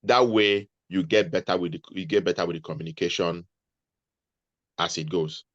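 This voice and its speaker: In a conversational interview, a low-voiced male guest gives earnest advice at a moderate pace, frequently restarting and repeating himself mid-sentence. The recording sounds dry and muffled.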